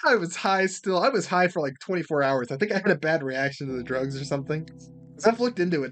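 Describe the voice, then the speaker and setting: Young male podcast host, slightly higher voice, light music underneath, lively swearing storyteller. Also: fast talker. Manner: animated, swears freely, acts out quotes. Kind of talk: casual storytelling.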